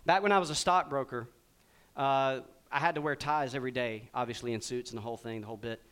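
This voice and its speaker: A middle-aged man preaching a sermon, quizzing his congregation and acting out little scenes with big swings in pitch and volume. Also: fast talker. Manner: animated, asks the congregation questions. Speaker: pastor.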